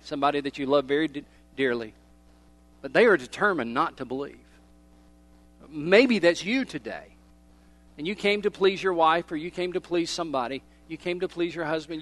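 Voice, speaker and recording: A middle-aged male pastor delivers a sermon in a fairly high voice. He leans hard on key words, then drops to quiet, slowed lines, and he keeps the congregation close with direct questions. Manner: emphatic, swings from loud to hushed.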